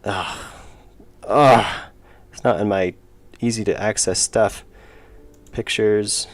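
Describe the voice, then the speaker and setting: Slow and steady in tone, a young man with a fairly low pitch chats casually on a live stream while working on his indie game. He drifts from topic to topic, reads viewers' messages aloud, and pokes fun at himself.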